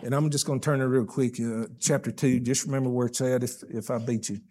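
Talking fast at a medium pitch with fairly even intonation, an older man preaches as pastor. His sermon is folksy and emphatic, alternating loud stressed lines with quiet asides.

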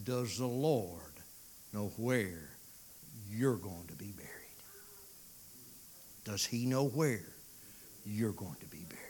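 A man preaching a sermon, swinging from loud pleading to hushed, drawn-out phrases. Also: medium pitch, a little hiss or hum.

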